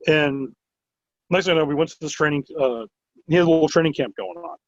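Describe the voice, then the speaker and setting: A man who owns a wrestling promotion, telling stories in a casual interview with an animated, rambling manner and many filler words. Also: on the high side, brisk, dry recording. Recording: dull lo-fi recording.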